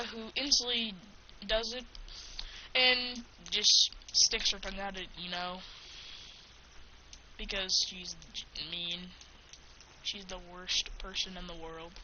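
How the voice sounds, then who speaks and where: Woman rambling thru a fan story, bright voice, muffled mic with a little hiss. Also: mid-range voice. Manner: chatty, quick asides. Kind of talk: casual fan-fiction narration.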